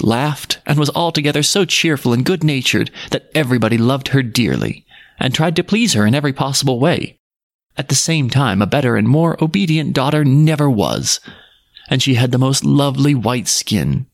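Male storyteller, measured fairy-tale narration, close and dry, mid voice. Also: mid-range voice, no echo.

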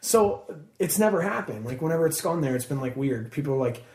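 A man telling stories casually in an interview, animated and acting out what people said. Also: on the high side, a little fast, roomy sound. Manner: animated, acts out quotes, many fillers. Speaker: guest musician.

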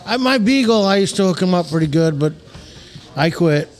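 A man's voice: high-pitched, lively intonation, moderate pace, soft background music. A man co-hosting a podcast in loose, rambling, laughing banter. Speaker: podcast co-host. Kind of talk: casual chat.

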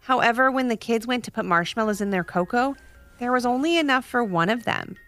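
A woman narrating a children's story podcast in an expressive read-aloud manner. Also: a little high, fairly quick, faint music behind.

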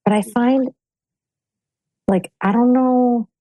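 A woman's voice: on the high side, steady tone, takes it slowly, mellow, no echo. A woman hosting a podcast, chatting candidly in a casual conversation with many fillers. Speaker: podcast host.

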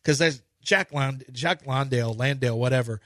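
A man's voice: medium pitch, moderate pace, fairly bright tone, no echo, studio quality. A man hosting a sports talk radio show, rambling and opinionated with emphatic points.

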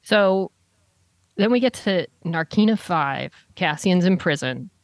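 Chatty woman with a low voice, dry sound. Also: animated, takes it slowly, no room sound. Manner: chatty, rambling with many fillers and restarts. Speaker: podcast host recapping a TV episode. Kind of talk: casual chat.

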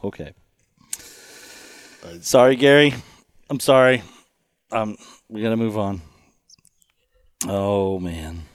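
A man's voice: lowish voice, animated, takes it slowly, pauses often, clear, resonant tone, no room sound, studio quality. A man hosting a podcast in casual chat, rambling and laughing as he tells stories. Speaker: podcast host.

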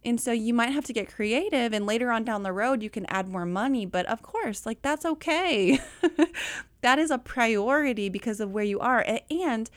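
A woman, coaching listeners on budgeting in casual, animated chat and calling them y'all. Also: on the high side, brisk, few pauses, no echo. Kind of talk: casual talk.

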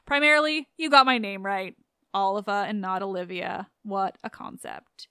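A woman's voice: mid-range voice, lively intonation, normal speed, pushed and bright, clean tone, no echo, studio quality. A woman hosting a podcast in a chatty, sarcastic way, swearing freely as she talks. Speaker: podcast host. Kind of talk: casual podcast narration.

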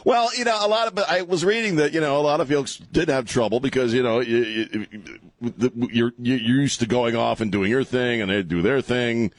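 A middle-aged man hosting a casual chat, relaxed and self-deprecating, asking his guest follow-up questions. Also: medium pitch, normal speed, dry recording. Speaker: podcast host.

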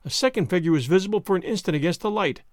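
A man reading a story aloud in an expressive, dramatic way. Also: high voice, very fast, no room sound, studio quality. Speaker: narrator.

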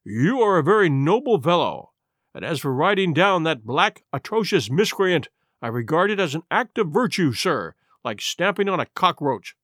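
Hot-headed old squire, played by a male narrator: loud, exclamatory, lively pitch swings. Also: normal speed, no room sound, clean studio sound. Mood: hearty. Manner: exclamatory, blustering.

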